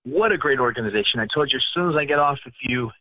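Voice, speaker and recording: A man's voice: medium pitch, fast, pushed and bright, no echo, muffled recording. A man from the Northeastern United States hosting a casual chat, telling stories in a boastful, mock-arrogant way. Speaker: podcast host.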